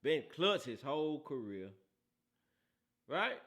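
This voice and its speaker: A man's voice: on the high side, very animated, slow pace, a bit bright. A man hosting a casual football talk show, teasing and laughing often, with a habit of asking "right?". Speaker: host.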